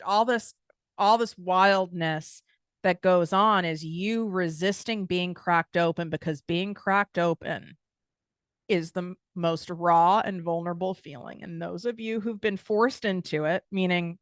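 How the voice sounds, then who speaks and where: A woman's voice: on the low side, unhurried, clear, resonant tone, dry recording, clean studio sound. A woman with an American accent hosting a podcast, giving a blunt, casual motivational talk full of swearing and tangents. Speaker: podcast host and business coach.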